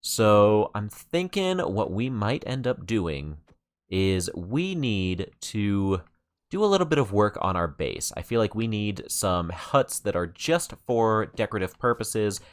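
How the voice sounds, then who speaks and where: A man hosting let's-play commentary, rambling with many fillers and growing excited at what he shows. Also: on the low side, measured pace. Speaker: gaming channel host.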